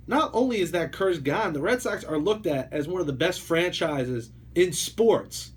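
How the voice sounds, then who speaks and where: A young man hosting a sports radio show, delivering an emphatic rant that piles up points in rapid lists. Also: high-pitched, husky. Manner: emphatic, repetitive build-ups. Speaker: radio host.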